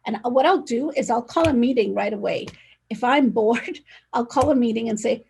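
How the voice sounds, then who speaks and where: An energetic, emphatic woman talking over a video call. Her voice sits a little high, with a husky, breathy edge and a gravelly fry, and she drives her points home with direct force. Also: moderate pace. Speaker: real estate agent, guest. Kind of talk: casual conversational interview.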